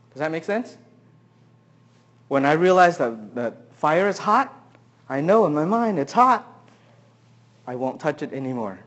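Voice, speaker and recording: A man preaching a sermon, who keeps asking the congregation questions and swings between loud emphasis and quiet asides. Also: a little high, highs cut off. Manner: asks the audience many questions. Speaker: pastor.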